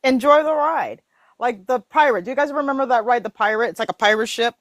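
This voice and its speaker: A woman with a fairly high voice hosts a relaxed conversation about mindset and manifesting. She tells stories with animation, slips into voiced quotes and laughs easily. The recording is close and dry, with no room sound. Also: a little fast, no room sound. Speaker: host. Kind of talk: casual chat on mindset and manifesting.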